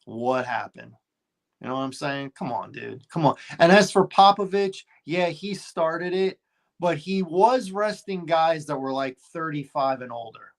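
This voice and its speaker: A man's voice: on the high side, measured pace. A man co-hosting a casual sports talk show, emphatic and exasperated, firing off rhetorical questions.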